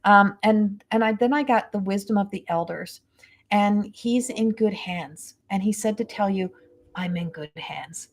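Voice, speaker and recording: A woman's voice: medium pitch, normal speed. Rambling, tender woman giving a psychic reading. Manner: rambling, hesitant, full of fillers and restarts; tender and emotionally moved. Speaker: medium and spiritual coach.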